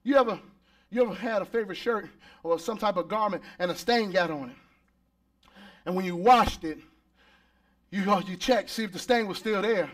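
A pastor whose voice sits high delivers a lively church-service sermon at a moderate pace, taking long pauses, building to shouts, and calling on the congregation to respond.

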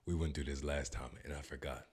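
A man's voice: rumbling low, steady tone, a little fast, a little mellow, husky. A man filming a comedic reaction vlog, joking and swearing as he tries a language app. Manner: jokey, swears, bursts into mock announcer voice.

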